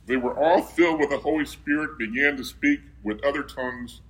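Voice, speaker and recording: A man's voice: mid-range voice, fairly quick, fairly bright tone, low-quality recording. A man preaching a sermon who reads scripture aloud and keeps asking his listeners questions, then answering them himself.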